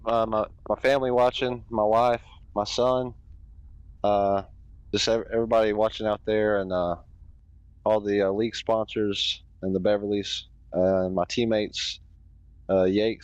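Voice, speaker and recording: A man, a racing driver, answering post-race questions in an easygoing, halting way. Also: on the low side, level tone, darkish tone, clean tone, no room sound. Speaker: racing driver, third place. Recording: dull, dry lo-fi line.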